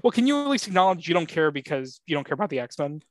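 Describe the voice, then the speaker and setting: A man co-hosting a pop-culture podcast in loose, rambling chat. His voice sits a little high and is recorded dry, with no room sound. He pads his thoughts with ums and uhs and gets excited about his fandom. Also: fast, no echo. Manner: rambling, with frequent filler words; excitable fan enthusiasm. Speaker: podcast co-host.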